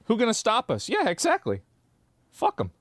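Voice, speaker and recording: Sarcastic man with bouncy pitch. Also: huge pitch swings, moderate pace, a bit bright, no room sound, clean studio sound. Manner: sarcastic, mocking quips. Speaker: streamer in a played clip. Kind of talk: casual reaction commentary.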